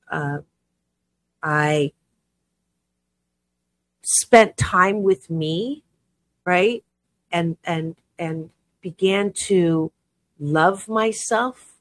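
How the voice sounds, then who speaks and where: A woman hosting a guided self-love exercise as a self-help author, speaking gentle, repetitive affirmations with chatty asides. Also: lowish voice, no room sound, rough recording. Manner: gentle, repetitive affirmations, often trailing off softly; chatty asides with tag questions.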